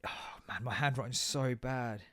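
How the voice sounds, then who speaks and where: A man's voice: mid-range voice, normal speed, fairly bright tone. A man hosting a podcast, ranting in casual chat, sweary, sarcastic and exasperated. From England. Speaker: podcast host.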